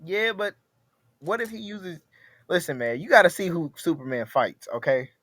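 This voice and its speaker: A man co-hosting a podcast in casual chat, telling animated stories and repeating his words as he builds a point. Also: sits high, moderate pace, no room sound, studio quality. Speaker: podcast co-host.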